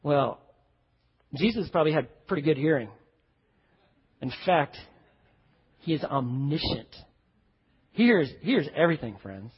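A male pastor preaching a sermon in a lively, conversational way with frequent asides to the congregation. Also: on the high side, slightly rough, in a large hall, dull audio.

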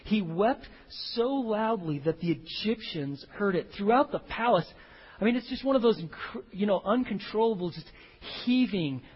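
A man with a high, husky voice preaches as pastor, dropping to near-whispers and then surging with emphasis. His voice rings with a long reverb, as if in a large church sanctuary. The recording sounds dull and lo-fi. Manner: emphatic, swinging from hushed to loud. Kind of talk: expository sermon.

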